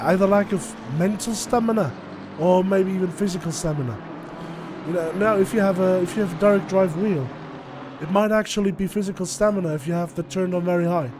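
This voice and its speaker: A high-voiced man calls a sim race live, breaking down lap times and strategy in a chatty, analytical way. He laughs easily along the way. Loud race car noise runs behind him. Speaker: race commentator. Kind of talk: live sim racing commentary.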